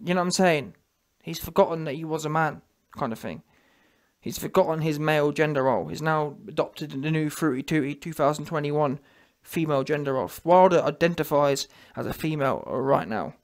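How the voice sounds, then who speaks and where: A man rants in a mocking tone and keeps checking in with his audience for agreement. His voice sits high for a man. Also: brisk. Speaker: vlogger. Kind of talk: ranting monologue to camera.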